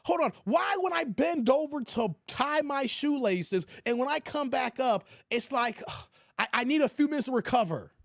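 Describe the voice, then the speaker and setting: A man's voice: very high-pitched, expressive, moderate pace, no echo, clean studio sound, pitched above the performer's own voice. A man mockingly voicing an overweight adult who whines, breathless and exasperated, about aching knees and tight pants. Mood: whiny. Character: whiny overweight adult discovering aches.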